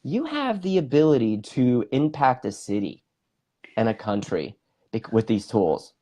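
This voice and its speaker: A man's voice: medium pitch, sing-song, unhurried, warm tone. A middle-aged man, a bodywork practitioner, telling an enthusiastic story in an interview with many fillers. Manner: enthusiastic, talks with his hands, lots of fillers. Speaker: guest, bodywork practitioner and facilitator.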